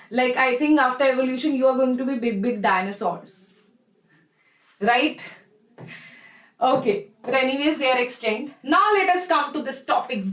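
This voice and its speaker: A woman's voice: sits high, fairly bright tone, reverberant, poor audio. A young woman with an Indian English accent, teaching a live online chemistry class in a chatty, encouraging way. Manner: chatty and encouraging, addresses students as "bacha".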